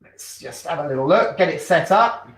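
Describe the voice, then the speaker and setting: A man's voice: a little high, expressive, moderate pace, fairly bright tone. A man leading a drama club over a video call, chatty and encouraging as he fumbles with the setup.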